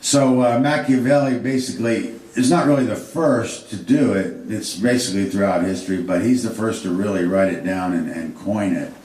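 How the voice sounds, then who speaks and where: Low-voiced man lecturing in an echoey room. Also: darkish tone. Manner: halting, many fillers and repeated words. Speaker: history lecturer. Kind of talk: unscripted history lecture. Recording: echoey room, distant mic.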